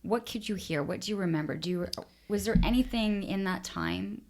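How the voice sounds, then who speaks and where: A woman hosting a podcast interview, asking gentle, probing questions. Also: mid-range voice, a little fast, vocal fry. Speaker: podcast host. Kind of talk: conversational interview.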